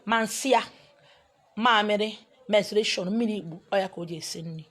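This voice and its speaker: A woman with a Nigerian accent telling a story in an animated way, slipping into Igbo and pidgin. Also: mid-range voice, fast talker, slightly rough. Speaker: spiritual teacher. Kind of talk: storytelling talk.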